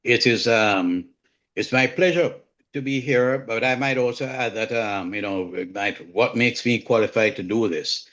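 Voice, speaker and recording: A man in his sixties with a Jamaican accent, a home inspector speaking as a guest on an online community call, earnest and measured, repeating his key points. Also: medium pitch, fairly bright tone. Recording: dull lo-fi online call audio.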